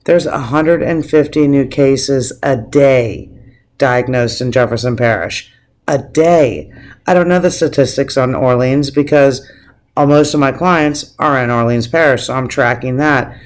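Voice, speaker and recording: A man's voice: mid-range voice, measured pace. Emotional man ranting to camera. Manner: emotional, swears freely, frequent restarts. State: teary, on the verge of crying. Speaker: vlogger. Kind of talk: casual opinion rant to camera.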